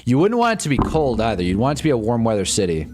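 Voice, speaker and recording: Young male streamer, medium pitch, exasperated wry play-by-play, faint music in the background. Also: wildly swooping pitch, rapid-fire. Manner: wry, exasperated fan commentary, loose and rambling. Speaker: livestream host reacting to a football game. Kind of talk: casual live commentary and chat.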